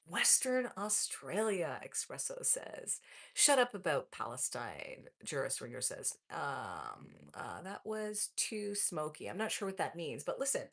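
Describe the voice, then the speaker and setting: A woman's voice: low-pitched, very animated, unhurried, vocal fry, a bit bright. A woman in her forties hosting a casual live stream, reading viewer comments aloud and answering in an upbeat way, calling the viewers folks. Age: 40s.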